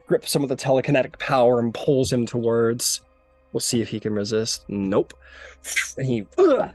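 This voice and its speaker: A man's voice: mid-range voice, no echo. A man narrating a tabletop game as game master, casual and rambling with many fillers.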